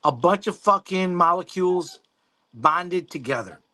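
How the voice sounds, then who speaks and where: A man hosts a casual live stream, talking loosely to his viewers as he reads their comments. His voice sits a little high for a man. He rambles, restarts and swears now and then, with plenty of easy laughter. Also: expressive, unhurried, pushed and bright. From Mexico. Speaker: livestream host. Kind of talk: casual livestream chat reading viewer comments.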